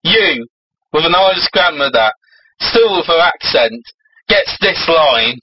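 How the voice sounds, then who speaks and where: Brief: giggly comedic co-host, animated delivery, faint background noise. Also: male voice, on the high side, a little slow, muffled recording. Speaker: co-host reading stories. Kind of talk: comedic casual chat and reading aloud.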